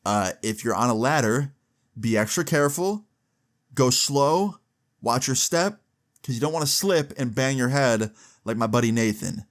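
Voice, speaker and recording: A young man vlogger telling a storytime in casual, animated speech with frequent swearing. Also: mid-range voice, moderate pace. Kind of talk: storytime vlog.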